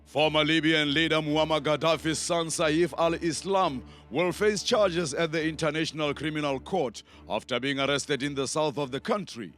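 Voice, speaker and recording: A man's voice: on the high side, a bit bright, natural voice. A man playing a formal, earnest news anchor who interviews guests and keeps cutting in.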